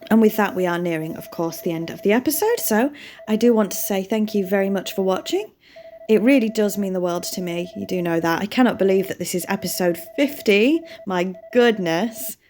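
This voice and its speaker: A woman's voice: medium pitch, lively intonation, brisk, darkish tone, slight background noise. A British woman hosting a gaming channel, chatting casually over her gameplay and often laughing at herself. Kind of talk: casual let's-play commentary.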